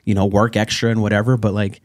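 A man hosting a local talk show, talking casually with a relaxed, sometimes sarcastic manner and frequent laughter. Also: on the low side, fast. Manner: easygoing, laughs often, sarcastic asides. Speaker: host.

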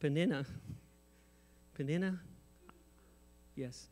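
A man's voice: fairly high pitch, slow pace, dark tone. A man pastor preaching a sermon on stage, mixing humor and asides with mounting intensity. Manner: jokes and asides, rising intensity. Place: church stage.

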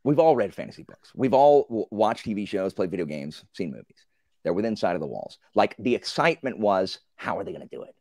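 A man in a casual group book discussion, telling the story with animated, acted-out reactions and many fillers. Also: lowish voice, a little fast, no room sound, clean studio sound.

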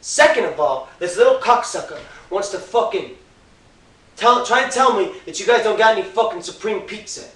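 A man's voice: mid-range voice, lively intonation, fast talker, a bit bright, pitched below the performer's own voice, natural voice. A man playing a foul-mouthed grown man customer who swears and threatens in an amateur comedy sketch. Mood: yelling. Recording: echoey room, distant mic, faint hiss.

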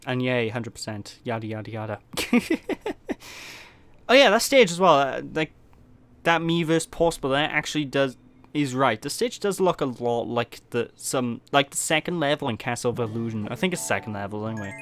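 A man's voice: mid-range voice, expressive, normal speed, fairly bright tone. A man from Wales giving casual, rambling gameplay commentary with self-mocking jokes. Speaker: let's play host. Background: game music.

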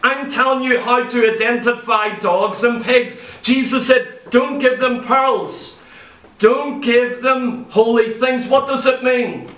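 A male preacher with a very high, piercing, bright voice delivers an emphatic sermon full of rhetorical questions. He picks up from a distance, and the church hall around him rings with echo. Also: slow pace. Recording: echoey church hall, voice from far off.

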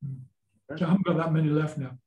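Speaking quickly and with fairly even intonation, a man in his seventies from Yorkshire chats as a guest folk singer-songwriter, drifting through anecdotes and repeating words often. His pitch sits a little high. The audio is narrow and tinny, with a roomy sound.

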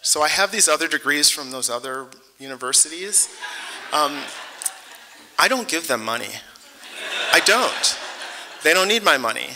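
Giving an acceptance speech at a ceremony, a man from Detroit, United States, mixes jokes with heartfelt words in a chatty style. He has a creaky, sharp, medium-pitched voice, captured on a low-quality recording.

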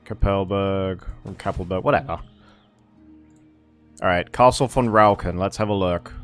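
Low-voiced man muttering through a strategy game. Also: moderate pace, fairly bright tone, faint music behind. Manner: thinks aloud, swears, mutters to himself. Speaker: gameplay streamer. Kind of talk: casual let's-play commentary.

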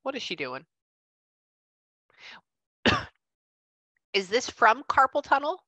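A woman working as a medium, chatting casually and relaying messages in quick bursts, acting out what she is shown. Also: high voice, huge pitch swings, bright, forceful tone, dry recording. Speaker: psychic medium. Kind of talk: casual reading session.

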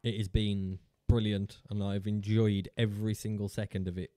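A man's voice: on the low side, flat delivery, moderate pace, dark tone, dry recording, clean studio sound, faint music behind. A man chatting casually on a live stream, rambling, chatty and self-mocking, swearing freely into a desk mic.

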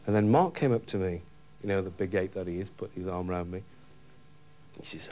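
A news presenter telling a comic story in a mischievous way and mimicking other people's voices. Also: male voice, sits low, brisk, long pauses, darkish tone, slight background noise.

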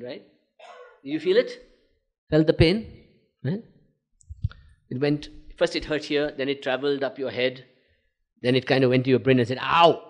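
A man, a spiritual teacher, giving a lively talk and taking questions, laughing and acting out inner voices as he explains. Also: mid-range voice.

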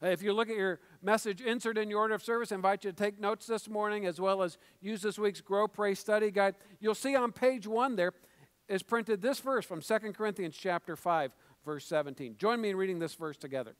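A man's voice: high-pitched, fairly quick, smooth. A middle-aged man preaching a sermon as pastor, talking conversationally with joking asides and stumbled restarts. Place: church sanctuary. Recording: reverberant church hall.

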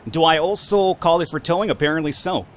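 A man giving casual, animated commentary while playing a video game and reading its lines aloud. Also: on the high side, quick pace, slight background noise. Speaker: let's play gamer.

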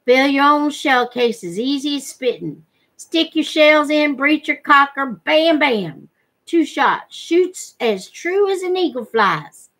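A woman's voice: sits high, animated, slow, a bit bright, voice pushed up, heavily acted, low-quality recording. Woman doing a pushy backwoods man. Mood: boastful. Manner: boastful, insistent, threatening. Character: pushy rough backwoods man trading a gun. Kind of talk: read-aloud storybook voice.

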